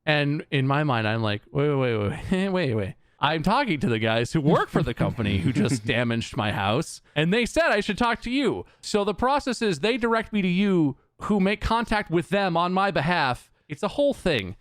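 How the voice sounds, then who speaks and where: Male podcast host, animated storyteller, frequent swearing; smooth voice, dry close mic. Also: on the high side, normal speed, hardly any pauses, no room sound. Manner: swears a lot, animated and exasperated. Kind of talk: casual storytelling chat.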